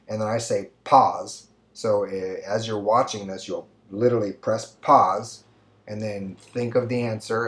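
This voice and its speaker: Male teacher, lowish voice, patient step-by-step explainer, roomy recording. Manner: explanatory, repeats "right?" often. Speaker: Spanish teacher. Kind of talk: recorded grammar lesson.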